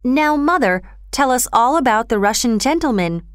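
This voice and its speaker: A curious young boy who speaks up eagerly with ideas and questions, as a woman narrator puts him on. His voice is raised a little and lively. The sound is dry and clear. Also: on the high side, unhurried, dry recording.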